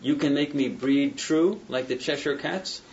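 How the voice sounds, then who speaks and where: A man's voice: a little high, a little slow, a little mellow. A man reading a defiant young woman. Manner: read aloud from a novel. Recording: dull distant classroom recording.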